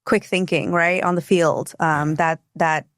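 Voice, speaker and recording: A woman nurse practitioner, a podcast guest, explaining treatments in a casual way, with many fillers and pauses. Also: on the low side, fairly even intonation, no room sound, studio quality. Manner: explains plainly with frequent fillers like um and you know.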